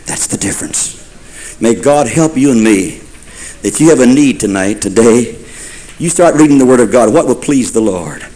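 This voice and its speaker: A man's voice: medium pitch, expressive, normal speed, warm tone, low-quality recording. A man preaching a sermon in a folksy storytelling way, building to fervent repeated phrases.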